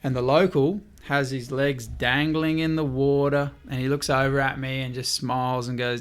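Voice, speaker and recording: A man's voice: mid-range voice, normal speed, hardly any pauses, clean tone. A man, a podcast guest telling a story in casual talk, acting out what people said and swearing now and then. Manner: lively, swears, quotes people in dialogue.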